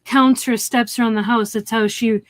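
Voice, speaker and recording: A woman's voice: on the high side, steady tone, normal speed, no room sound. A woman co-hosting a film review stream, retelling the plot in a rambling, casual way full of fillers and restarts. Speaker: co-host of a movie review stream.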